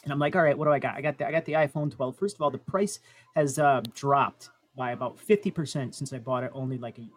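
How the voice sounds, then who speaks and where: Rambling male co-host, mid-pitched. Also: fast talker. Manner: rambling, many fillers. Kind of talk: casual chat.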